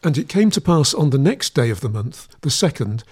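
A man giving a steady, measured scripted reading of a Bible passage. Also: mid-range voice, husky. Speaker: scripture reader.

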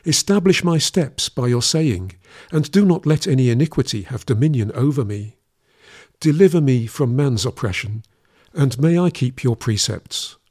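A man giving a solemn scripture reading in a measured, even recitation, his voice dropping lower each time he addresses the Lord. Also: husky. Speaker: scripture reader.

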